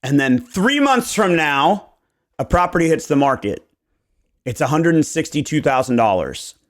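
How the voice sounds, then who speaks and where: Man, podcast host; animated, profane storyteller who mimics clients. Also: on the high side, normal speed. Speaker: real estate agent and podcast host. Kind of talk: casual podcast chat.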